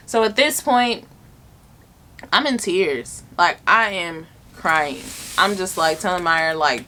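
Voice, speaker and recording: A young woman, a vlogger and mother, tells a personal story in a medium-pitched, slightly bright voice at normal speed. She's chatty, earnest, and emotional, saying "like" constantly, with a little hiss or hum in the background.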